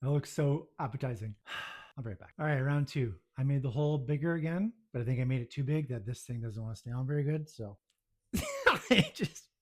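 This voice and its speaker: A man at an average pitch chats casually to the camera in his home kitchen as he bakes. He keeps up a steady stream of self-deprecating, exasperated muttering, half to himself and half to his viewers. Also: quick pace. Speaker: home baking vlogger.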